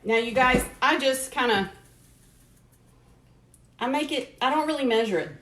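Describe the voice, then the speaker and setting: A woman's voice: high voice, moderate pace, a bit bright. A woman hosting a casual live cooking stream from her home kitchen, chatting along and greeting viewers by name. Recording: echoey kitchen with faint noise.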